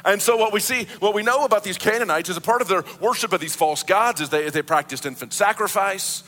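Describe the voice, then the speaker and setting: A man's voice: sits high, fast, a bit bright, in a large hall. A man preaching a sermon as pastor, earnest, often restarting and repeating words as he explains.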